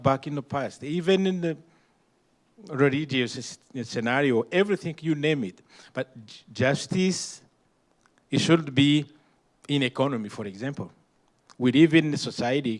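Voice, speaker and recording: A man from Rwanda speaks as a panelist, his Rwandan accent colouring every phrase. His delivery is emphatic and halting, built around pointed rhetorical questions, in a voice of ordinary middle pitch. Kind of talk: impassioned panel remarks.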